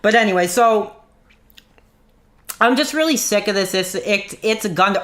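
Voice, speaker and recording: A man's voice: sits high, animated, normal speed, pauses often, a bit bright. A man streaming an angry rant into his own mic, swearing, mocking and then apologizing for his language. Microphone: own desk mic.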